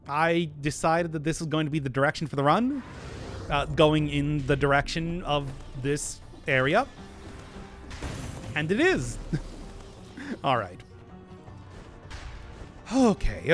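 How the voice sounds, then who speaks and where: A man's voice: on the high side, a bit bright. A young man streaming a game, chatting and rambling as he plays, often laughing. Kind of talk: live gameplay commentary.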